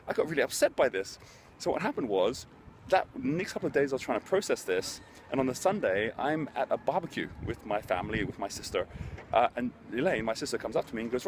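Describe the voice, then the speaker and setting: He's a middle-aged man hosting a motivational business talk, talking fast in a medium-pitched voice full of big pitch swings. He tells stories in an earnest, conversational manner, with slight background noise present.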